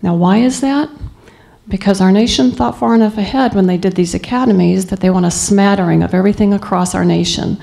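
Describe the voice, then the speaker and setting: A woman's voice: mid-range voice, steady tone, a little fast, vocal fry, mellow. A woman in her fifties from Southeast Texas, giving a motivational speech to students and telling her story in an earnest, emphatic way. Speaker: guest speaker.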